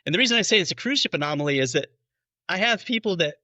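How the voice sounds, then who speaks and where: Male physician guest, bright and forceful voice, patient explainer, close dry mic. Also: high-pitched, animated, very fast, no room sound, lo-fi sound. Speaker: bariatric physician. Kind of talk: podcast interview explanation.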